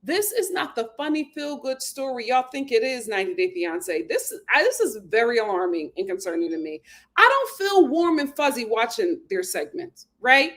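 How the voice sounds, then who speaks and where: High voiced woman w aave doing reality tv recap, swoops up and down a lot, opinionated, talks right to viewers. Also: very animated, moderate pace, a bit bright. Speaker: host. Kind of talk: casual reality TV recap chat.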